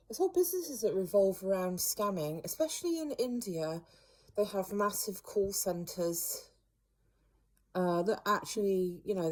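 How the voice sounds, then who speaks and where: A retired woman chatting away to her camera, wry and rambling, with a fairly low, mellow voice. Her tone is relaxed and warm rather than bright. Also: poor audio. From United Kingdom. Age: older. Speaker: vlogger. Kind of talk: casual monologue.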